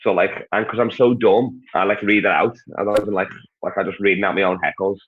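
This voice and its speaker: A stand-up comedian from Liverpool, England, with a Scouse accent, rambles crudely as a guest in a casual podcast chat. His voice is fairly low, steady and fast. The audio sounds phone quality.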